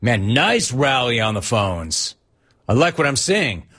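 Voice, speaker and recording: A man's voice: medium pitch, big pitch swings, unhurried, fairly bright tone, husky. A man hosting a sports talk radio call-in show, brash and joking, calling callers dude and bro. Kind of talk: casual call-in show chat.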